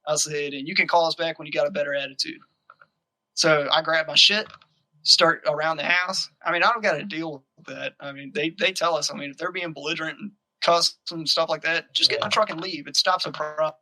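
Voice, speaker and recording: A man's voice: on the high side, fairly quick, poor audio. A young man telling a profane story in casual chat, acting out the arguments. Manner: profane, animated, acts out quoted arguments. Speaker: podcast guest telling a story.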